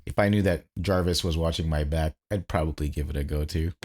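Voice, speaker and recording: A man co-hosting a podcast in casual film chat, with deadpan sarcasm and stumbling restarts. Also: very deep voice, brisk. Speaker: podcast co-host. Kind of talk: casual movie review chat.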